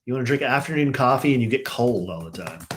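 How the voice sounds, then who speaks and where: A man's voice: mid-range voice, expressive, fast talker, a little hiss or hum. An older man, chatting easily as co-host of a live stream. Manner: easygoing, coos at the dogs. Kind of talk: casual chat on a live stream.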